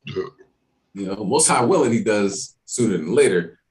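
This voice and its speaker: Lively, streetwise male Bible class teacher. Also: lowish voice, moderate pace. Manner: conversational, streetwise, animated asides. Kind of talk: casual teaching talk.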